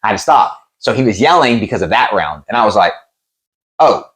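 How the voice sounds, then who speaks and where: A man who promotes MMA and used to fight, telling gym stories in a casual interview, profane and animated, acting out what people said. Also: on the low side, a little fast. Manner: animated, profane, acts out quotes.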